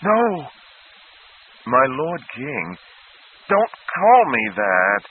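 A man's voice: mid-range voice, very animated, a little slow, slight background noise, voice pushed up. A man voicing a terrified young male prince who pleads in panic. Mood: panicked. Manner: panicked, pleading, near screaming. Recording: tinny phone-like sound.

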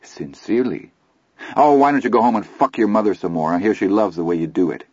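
A tough twelve-year-old boy, quiet and steady as he taunts older kids, as a man reads him aloud. The voice is deep and husky, and the recording is slightly muffled and dry. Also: a little fast, dry recording. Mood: defiant.

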